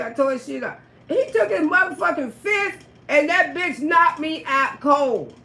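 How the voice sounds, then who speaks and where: High, bright-voiced woman telling a profane story. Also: measured pace, creaky, echoey room. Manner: profane, animated, laughing often. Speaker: livestream storyteller. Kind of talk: casual storytelling on a livestream.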